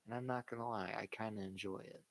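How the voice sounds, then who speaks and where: A man's voice: lowish voice, steady tone, quick pace. A man hosting a livestream, giving blunt, opinionated casual chat about wrestling and sports and swearing freely. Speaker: livestream host.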